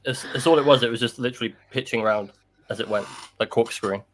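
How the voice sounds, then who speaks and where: A man co-hosting a casual podcast, measured and explanatory. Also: medium pitch, fairly bright tone, a little hiss or hum. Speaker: podcast co-host. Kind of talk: casual chat.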